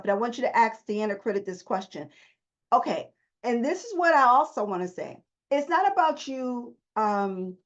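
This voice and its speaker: Emphatic woman coaching self-help. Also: sits high. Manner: emphatic, repeats key phrases, coaching. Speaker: therapist coaching viewers. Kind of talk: motivational self-help talk. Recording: dull lo-fi audio.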